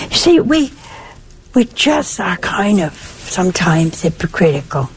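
An older woman giving a lively, conversational sermon, her pitch swinging high and low. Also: measured pace, a little hiss or hum. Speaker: religious speaker. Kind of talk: sermon-style talk.

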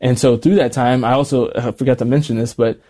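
A young man speaks quickly as an interview guest, his voice mellow and warm. He tells stories in an easygoing, animated way, full of casual slang. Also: mid-range voice. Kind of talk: casual conversation.

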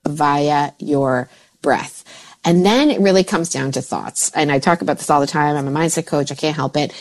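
Animated woman with a lively voice. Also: lowish voice. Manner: animated, laughing, acts out her own thoughts in voices. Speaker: mindset coach. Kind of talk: casual podcast chat.

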